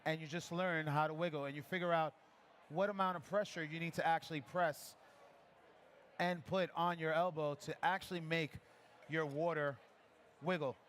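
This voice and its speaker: Brief: male barista instructor, slightly high voice, chatty encouraging coach, live festival demo. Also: fairly even intonation, a bit bright, slight background noise. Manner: encouraging, chatty, gives quick pouring cues. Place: coffee festival demo area.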